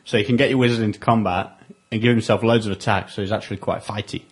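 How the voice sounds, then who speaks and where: A man's voice: fairly low pitch, fairly even intonation, fast talker, slightly rough. A man hosting a casual gaming podcast, teasing his friends and steering the talk. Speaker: podcast host. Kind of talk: casual chat among tabletop gamers.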